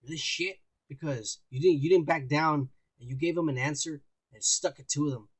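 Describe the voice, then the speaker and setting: Podcast co-host, male, higher voice, swears a lot, rambles through news items in loose banter. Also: moderate pace, husky, no echo. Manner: profane, rambling, mocking news reading. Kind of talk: casual crude banter.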